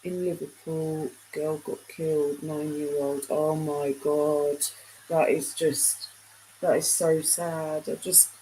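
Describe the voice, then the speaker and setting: A woman's voice: sits low, flat delivery, slow pace, warm tone, a little hiss or hum, low-quality recording. A middle-aged woman chatting casually with viewers on a live stream, rambling and trailing off mid-sentence. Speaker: livestream host.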